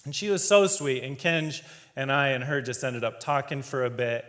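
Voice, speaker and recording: A man's voice: medium pitch, moderate pace, a bit bright. A man giving a humorous, conversational storytelling talk on stage as a keynote speaker. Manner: conversational and humorous, laughs often. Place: large event hall. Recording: long hall reverb.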